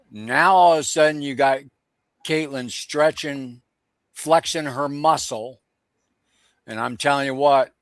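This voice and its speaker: A man's voice: mid-range voice, no room sound. A man giving emphatic stream commentary, repeating his points for force.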